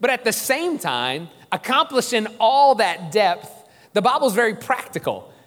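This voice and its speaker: A man preaching a sermon as pastor, lively and joking, drawing the congregation in. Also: sits high, a little slow. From New Orleans. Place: church sanctuary. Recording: long church reverb.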